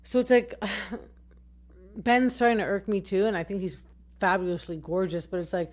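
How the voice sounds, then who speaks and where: A woman's voice: mid-range voice, moderate pace, darkish tone. A woman hosting a podcast, chatting casually and animatedly about reality TV, full of "like" fillers and swearing freely. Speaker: podcast host. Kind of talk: casual reality TV recap chat.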